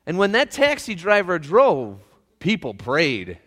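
A man's voice: sits high, wildly swooping pitch, unhurried, a bit bright, big-room sound, voice pushed up, full character voice. A man voicing a folksy, welcoming Saint Peter at heaven's gate in a joke. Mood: chummy. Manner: easygoing, chummy storyteller's put-on.

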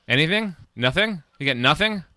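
A man hosting a casual podcast, hurried and a bit flustered. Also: fairly high pitch, sharp tone, dry recording. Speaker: podcast host.

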